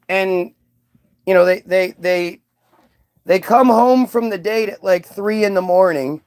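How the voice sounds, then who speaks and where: A man hosting a livestream, ranting casually to his chat in a heated, profane way with many restarts. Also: high-pitched. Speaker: livestream host. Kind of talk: casual rant to a live chat.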